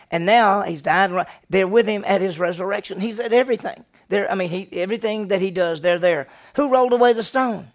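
A man with a gravelly, slightly high voice teaches a Bible lesson as senior pastor. He tells the story with animation and keeps asking his listeners questions. His delivery is lively and conversational.

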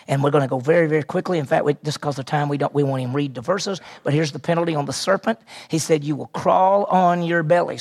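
A man's voice: a little high, vocal fry. A man preaching a sermon and teaching through a passage, asking his listeners questions and repeating key phrases. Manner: asks the audience questions and answers them, repeats key phrases.

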